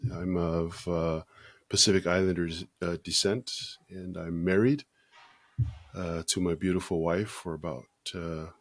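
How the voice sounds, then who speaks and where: A man in his fifties from the United States, a podcast guest speaking slowly and thoughtfully with many pauses. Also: sits low, steady tone, no echo, studio quality. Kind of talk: casual interview talk.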